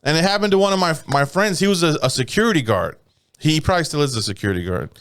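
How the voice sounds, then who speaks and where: A man's voice: fairly high pitch, fast, smooth, dry recording, clean studio sound. A man casually retelling a story on a podcast, cursing freely and voicing the people in it. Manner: profane, animated retelling with voiced quotes. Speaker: podcast co-host.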